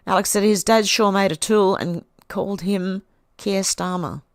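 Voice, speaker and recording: A woman's voice: medium pitch, fairly even intonation, a little slow, dry recording, clean studio sound. A middle-aged Australian woman hosting a livestream, casually reading viewers' comments aloud and answering them with small laughs. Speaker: livestream host.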